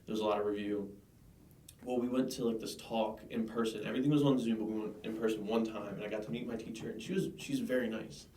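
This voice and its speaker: A man's voice: lowish voice, steady tone, fast, mellow, slight background noise. A young man co-hosting a podcast who tells chatty, rambling stories and goes off on tangents. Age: young adult. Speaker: podcast co-host. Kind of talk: casual interview chat. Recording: echoey room, distant mic.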